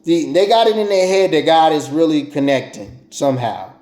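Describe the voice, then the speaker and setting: Preachy high-voiced man in an echoey room. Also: normal speed, a little mellow, faint music behind. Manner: repetitive, preachy, stammering restarts. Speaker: vlogger. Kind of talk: casual monologue to viewers.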